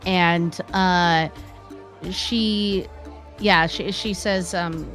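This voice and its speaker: Casting: woman player, lower voice, halting in-character lines, faint music behind. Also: fairly even intonation, fairly bright tone. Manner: hesitant, filler-heavy speech. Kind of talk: casual tabletop play.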